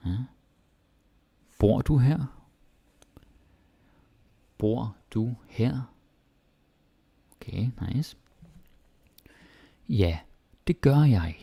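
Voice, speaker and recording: Gravelly, laid-back Danish teacher. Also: male voice, on the low side, no echo. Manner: relaxed, repeats example phrases slowly and tags "ikke?". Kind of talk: casual online language lesson.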